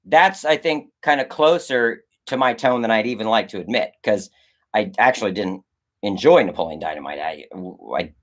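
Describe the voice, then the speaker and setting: A young man, a filmmaker, chatting casually on a livestream and answering chat, rambling and animated, swearing and acting out conversations. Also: fairly low pitch, normal speed. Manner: animated, rambling, swears, acts out quoted exchanges.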